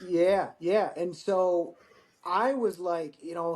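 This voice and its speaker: A man in his forties, a Marine veteran guest, telling war-training stories in a casual, profane, animated way. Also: sits high, slow pace. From United States. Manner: profane, animated storyteller acting out dialogue. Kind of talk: casual storytelling interview.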